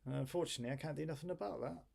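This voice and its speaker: A man's voice: a little high, rapid-fire, creaky, darkish tone, slightly rough. A tired man casually thinking aloud on a live stream while he waits on an old home computer to finish a job.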